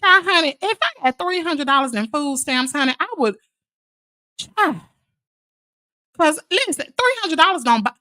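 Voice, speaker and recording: A sharp-toned, high-voiced woman from Mississippi, USA, hosts a casual livestream, chatting with viewers in a sassy manner and calling them "child" and "honey." The sound is clean studio audio with no echo.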